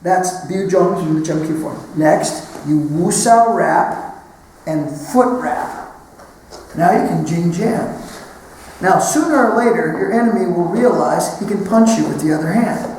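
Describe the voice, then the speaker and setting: A man's voice: high-pitched, lively intonation, a little slow, darkish tone, slight background noise. A man teaching a martial arts class, talking through each move step by step as he demonstrates on a partner. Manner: instructive, talks through moves step by step. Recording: echoey hall recording from far off.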